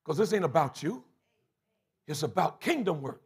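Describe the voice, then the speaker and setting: A husky-voiced male bishop preaches in church, breaking into shouts and call-outs to the congregation. His voice sits high and swoops widely up and down as he acts out the voices he quotes. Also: expressive, a little fast, long pauses. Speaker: bishop and pastor. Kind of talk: sermon. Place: church sanctuary.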